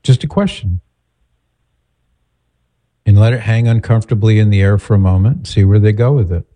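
A man hosting an advice talk, answering a caller calmly and directly. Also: lowish voice, normal speed. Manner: calm, direct, advising. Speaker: host giving advice.

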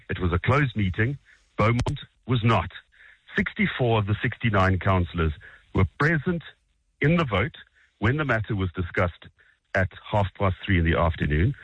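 A South African man with a low, husky voice argues combatively in a broadcast political debate. He corrects his opponent bluntly and firmly. The sound is dull and lo-fi. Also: a bit bright, dry recording. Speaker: opposition politician.

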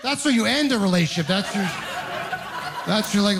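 A man in his thirties, a comedian working a stand-up set with self-deprecating stories. His voice sits a little higher than most men's. He turns often to talk straight to the audience. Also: a little fast, pauses often, background noise. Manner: self-deprecating storytelling, animated asides to the audience. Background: audience laughter.

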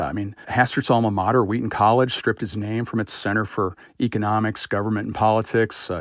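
A man's voice: mid-range voice, no room sound, studio quality. Reflective man, politics editor. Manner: reflective, hedging with fillers. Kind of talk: radio interview.

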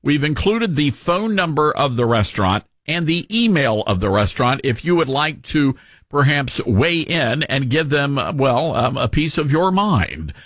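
A man hosting a radio talk show, his voice somewhat high and slightly husky. He swings his pitch widely as he comments, dropping in sarcastic, mocking asides. The studio sound is dry and close. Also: sing-song, measured pace, a bit bright, dry recording.

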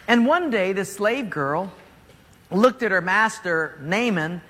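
A man delivers a sermon as an animated storyteller, cracking jokes as he goes. His voice is high, bright and full of swings in pitch, and it echoes in a church hall with long reverb. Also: slow pace. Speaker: preacher.

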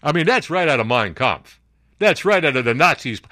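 A man's voice: fairly high pitch, very animated, moderate pace, bright, forceful tone, no room sound, clean studio sound. A man hosting a talk radio show, delivering an opinionated monologue in a sarcastic, incredulous way.

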